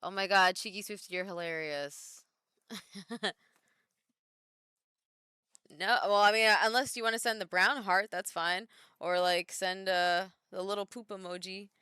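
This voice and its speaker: Chatty woman streamer, bright clear voice. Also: medium pitch, steady tone, unhurried, long pauses, dry recording, studio quality. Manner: chatty, reads viewer comments aloud and answers them. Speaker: streamer and wrestler. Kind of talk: casual live-stream chat.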